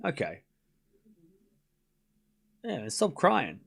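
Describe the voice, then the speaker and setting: A man's voice: mid-range voice, big pitch swings, unhurried, vocal fry, long pauses. A man hosting a live tennis watchalong stream, chatting casually and sarcastically teasing viewers, rambling with restarts.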